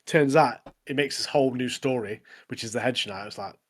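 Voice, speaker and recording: A man co-hosting a podcast, talking in a relaxed way and trailing off with fillers. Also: medium pitch, a little fast. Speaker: podcast co-host. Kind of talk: casual chat.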